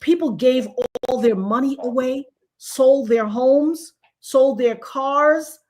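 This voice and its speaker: A woman hosting a casual chat, telling stories in an animated way and acting out the people she quotes. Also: high voice, slow pace. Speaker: show host.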